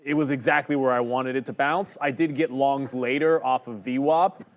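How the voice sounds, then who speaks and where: Male trader, mid-pitch, casual live-stream market commentary, loose and conversational. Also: fairly even intonation, moderate pace. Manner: casual, thinking aloud with restarts and fillers. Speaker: day trader co-host.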